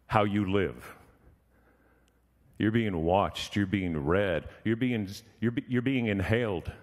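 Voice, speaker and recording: A man's voice: fairly low pitch, slow pace, long reverb tail. A man preaching a sermon, telling a story and acting out the voices in it. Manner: animated, acts out voices in his story.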